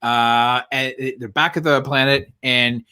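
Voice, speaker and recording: A man's voice: medium pitch, fairly even intonation, measured pace, pushed and bright, clean tone. A man co-hosting a casual live podcast, animatedly retelling movie scenes and acting out the characters' lines with laughter. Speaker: co-host.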